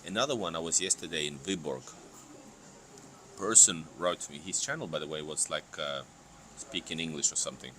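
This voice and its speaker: A man hosting a casual live stream in English, excitable, restarting his sentences often. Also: a bass voice, brisk, a little hiss or hum. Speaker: host of a travel channel.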